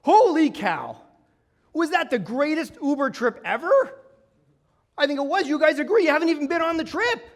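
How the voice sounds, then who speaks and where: Energetic, high-voiced keynote speaker. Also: male voice, a little fast. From Toronto, Canada. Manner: energetic, humorous storytelling with audience banter. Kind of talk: live comedic keynote presentation. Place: conference stage before a live audience.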